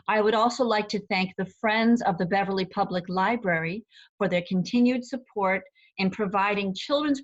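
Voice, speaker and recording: A woman playing a cheerful, motherly Mother Goose from the storybook, with a high, bright voice that lilts along in sing-song. She coaxes young listeners to join in and slips easily into sung nursery rhymes. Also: highs cut off. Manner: sing-song, warmly coaxing, addresses children directly; sings and recites rhymes, rapid tongue twisters. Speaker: children's library performer. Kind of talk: interactive nursery-rhyme show for children.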